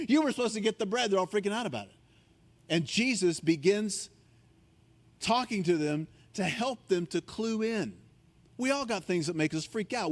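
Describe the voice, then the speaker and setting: A man preaching a sermon as a guest speaker, telling the story with animation, acting out panicked voices in a higher tone and dropping low and quiet for key points. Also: big-room sound.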